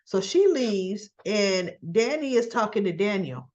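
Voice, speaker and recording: A woman casually recapping a soap episode in a chatty, conversational way, dropping quick asides to the listener. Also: mid-range voice, expressive, a little mellow, lo-fi sound. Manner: chatty, conversational asides, acts out quoted lines. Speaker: soap opera recap vlogger.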